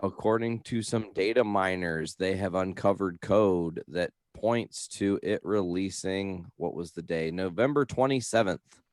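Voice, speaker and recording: A man co-hosting a podcast in casual chat, easygoing and quick to laugh. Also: low voice, no room sound, clean studio sound. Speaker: podcast co-host.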